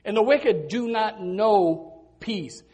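A male pastor preaching a sermon, swinging between loud emphasis and hushed earnest lines, with many repeated words and restarts. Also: sits high, slow pace, husky.

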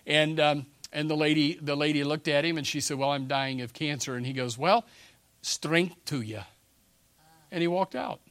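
A man preaching a sermon in a folksy storytelling way, often restarting and repeating words, swinging from hushed tones to sudden shouts. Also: fairly high pitch, steady tone, normal speed, dry recording.

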